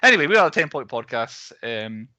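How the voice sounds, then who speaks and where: A man's voice: mid-range voice, very animated, a little fast, bright, forceful tone, no room sound. A man hosting a casual podcast, rambling and chatty and laughing often. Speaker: podcast host.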